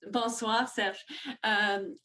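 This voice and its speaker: A woman's voice: medium pitch, level tone, very slow, sharp tone. A woman from Manitoba joining in from the audience with cheerful short replies. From Manitoba, Canada. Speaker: audience member.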